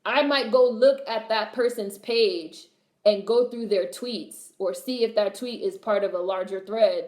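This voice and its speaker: A woman's voice: a little high, measured pace, reverberant. A young adult woman hosting a livestream, reading chat and chatting casually in a blunt, sassy way, swearing freely and repeating her punchlines.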